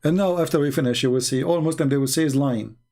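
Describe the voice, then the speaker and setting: A man's voice: a little high, fast, mellow. A man with a non-hosting a live stream, retelling debates and acting out what others said in a raised voice, often repeating words and restarting sentences.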